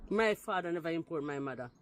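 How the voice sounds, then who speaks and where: A woman from Jamaica with a Jamaican accent giving emphatic, argumentative reaction commentary to camera, mixing patois into her speech. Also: low-pitched. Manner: emphatic and argumentative, repeats "you understand?". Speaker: vlogger responding to a video.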